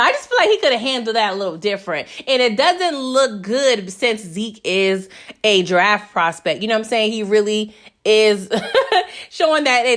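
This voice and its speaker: A woman's voice: medium pitch, a bit bright. A woman hosting a casual TV episode recap, chatty and slangy, tossing sassy asides to her viewers.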